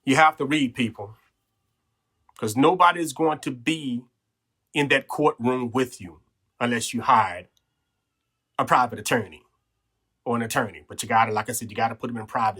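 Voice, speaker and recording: Explaining legal rights on his podcast, a man speaks at medium pitch in a pushed, bright, slightly rough voice. His delivery is earnest and coaching, dotted with "okay?" and "right?", and he's a little out of breath.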